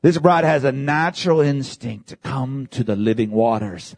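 A man preaching a sermon in church, building from calm teaching to fervent shouted calls of amen and hallelujah. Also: mid-range voice, moderate pace, few pauses.

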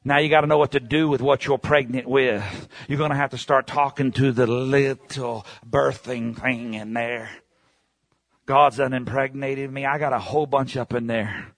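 A man preaching with fervent, repetitive emphasis, his voice sitting at an ordinary middle pitch. He swings from loud shouting peaks down to slow, low stretches. The sound is close and dry, with no room echo. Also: fairly even intonation. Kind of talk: sermon.

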